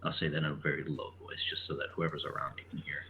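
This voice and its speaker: A man with a very deep, lively voice plays in a tabletop game. He comes through a tinny call line with a faint hiss. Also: very fast, creaky. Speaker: player. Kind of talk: tabletop role-play.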